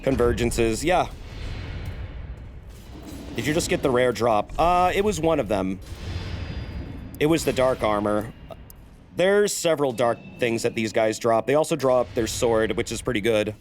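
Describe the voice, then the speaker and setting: A man's voice: mid-range voice, unhurried, pauses often, faint music behind. A man streaming a game, chatting casually and cursing while he explains the lore. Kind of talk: casual gameplay commentary.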